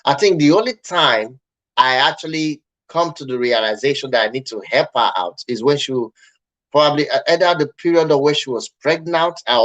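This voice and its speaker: A man's voice: mid-range voice, a bit bright, low-quality recording. A man vlogging marriage advice in casual personal storytelling, earnest and reflective, talking straight to the viewer.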